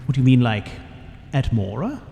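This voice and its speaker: Man as a polite, curious young adventurer in a game story, mellow voice in a long-reverb space. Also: medium pitch, very animated, creaky, a little hiss or hum. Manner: polite, measured, questioning. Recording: long reverb, faint music behind.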